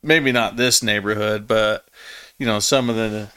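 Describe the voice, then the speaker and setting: Guest, man, late twenties, loose storyteller who cusses a lot, bright sharp tone. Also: on the low side, steady tone, measured pace, smooth. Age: late 20s. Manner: laid-back storytelling, swears freely. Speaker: podcast guest. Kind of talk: casual chat.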